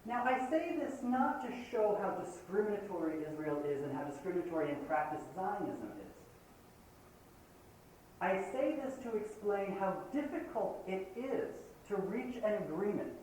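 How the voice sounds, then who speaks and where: A man's voice: high-pitched, a little mellow. A Palestinian man giving an impassioned university lecture, arguing his points and acting out the voices of others. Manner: impassioned, argumentative, quotes opponents in shifting voices. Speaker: guest lecturer. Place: lecture hall. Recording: roomy hall, distant mic, faint hiss, old tape.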